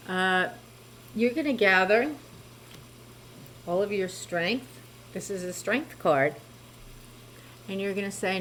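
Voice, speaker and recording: A woman giving a spoken tarot reading, gentle and reassuring, talking to the listener about cards and spiritual healing. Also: medium pitch, slow pace, pauses often, a little hiss or hum, rough recording. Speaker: tarot reader.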